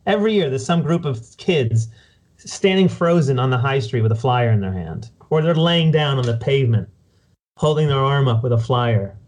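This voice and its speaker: Relaxed man hosting a chat. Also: medium pitch, moderate pace. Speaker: podcast host. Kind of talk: casual podcast interview.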